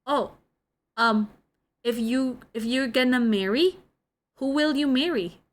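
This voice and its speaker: A chatty, curious little girl, played by a woman, tripping over her own questions as she asks them. The voice sits a little high. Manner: halting, stumbling questions.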